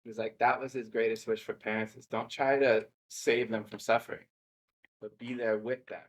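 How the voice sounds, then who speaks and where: A man in casual conversation as interviewer, reflecting and tying ideas together. His voice is fairly low for a man. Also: little pitch movement, normal speed.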